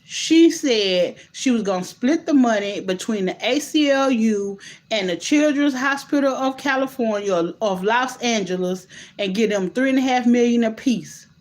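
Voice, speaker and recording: A woman with a slightly high voice chats straight to her viewers. She is animated and incredulous, stumbles through restarts and keeps throwing in asides as she talks. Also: moderate pace. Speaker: host. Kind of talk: casual commentary vlog.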